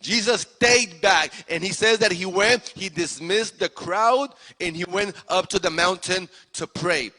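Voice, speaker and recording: A man preaching a sermon as pastor, animated and repetitive, acting out the speakers in the story. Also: high-pitched, measured pace, hardly any pauses. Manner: animated preaching, repeats phrases, acts out voices. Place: church sanctuary. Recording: long hall reverb.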